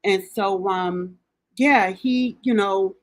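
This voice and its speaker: A middle-aged woman, hosting a grief recovery podcast. She speaks in a heartfelt, halting way, with many pauses and restarts, and sounds close to tears at times. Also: medium pitch, dry recording. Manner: halting, with frequent ums and restarts; emotional, near tears at times. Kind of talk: heartfelt personal address.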